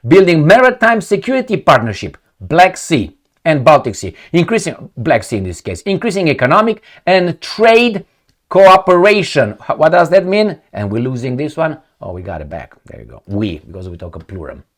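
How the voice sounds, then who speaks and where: Angry ranting man with lively pitch. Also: moderate pace. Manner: profane, addresses viewers directly. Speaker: political commentator. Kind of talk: solo commentary reading news articles.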